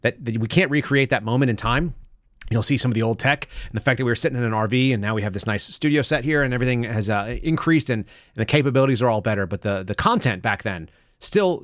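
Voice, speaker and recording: With a fast, slightly bright mid-range voice, a man hosts a live commentary show from a home studio set as a podcast host. His delivery is relaxed and talkative, broken by laughter and restarted sentences. The sound is clean and echo-free.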